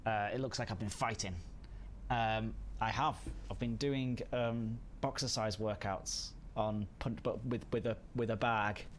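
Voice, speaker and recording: A man's voice: lowish voice, steady tone, unhurried, a little hiss or hum. A man hosting a casual livestream, chatty and self-deprecating, reading chat messages aloud. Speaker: livestream host.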